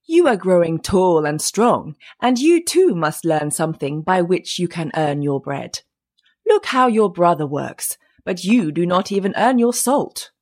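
A woman's voice: on the low side, sing-song, unhurried, darkish tone, exaggerated voice. A woman voicing a stern, weary old father. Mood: scolding. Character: weary, scolding old father of two sons.

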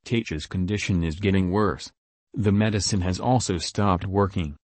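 A man's voice: deep voice, moderate pace, a little mellow, no echo. A man playing a humble devoted disciple. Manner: humble, earnest pleading.

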